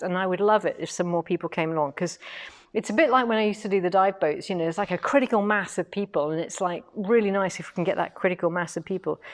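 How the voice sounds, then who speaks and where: A middle-aged woman from England, hosting a quilting shop's live stream in a chatty, lively way and reading out viewer comments. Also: medium pitch. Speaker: quilting shop host.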